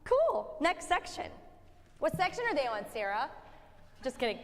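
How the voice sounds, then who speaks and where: A woman's voice: sits high, expressive, moderate pace, a bit bright. A woman directing a choir rehearsal, joking with the singers and demonstrating sung phrases as she coaches. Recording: long hall reverb with faint music.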